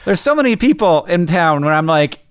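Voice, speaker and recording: A man's voice: on the high side, sing-song, brisk, clear, resonant tone, no room sound, clean studio sound. A middle-aged man co-hosting a podcast, chatting casually in a playful way and laughing often. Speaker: podcast co-host. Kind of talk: casual chat.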